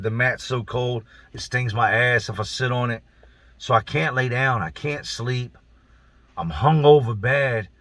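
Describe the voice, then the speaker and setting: A man's voice: mid-range voice, a bit bright, dry recording. A man casually telling his own story in blunt, profane, slang-filled talk. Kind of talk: casual first-person storytelling.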